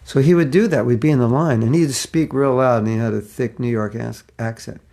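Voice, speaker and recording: Older male teacher, raspy edge, anecdotal, mid-pitched and chuckling. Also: brisk, warm tone. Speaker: spiritual teacher. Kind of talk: casual religious class.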